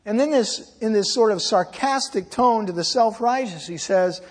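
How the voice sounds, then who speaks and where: A man preaching a sermon from the pulpit, earnest and pleading, slowing down to press his points. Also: high-pitched. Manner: earnest, pleading, slows for emphasis. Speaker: pastor. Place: church sanctuary. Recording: long hall reverb.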